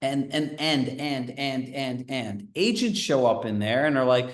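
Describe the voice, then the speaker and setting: A man coaching sales agents at a training session, animated, telling stories and asking the audience questions. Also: mid-range voice, measured pace, hardly any pauses. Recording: roomy echo.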